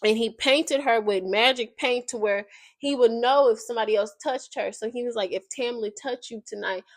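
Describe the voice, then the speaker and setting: A woman's voice: fairly high pitch, moderate pace, no room sound. Slangy woman recapping a book. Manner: slangy, animated retelling. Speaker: video creator.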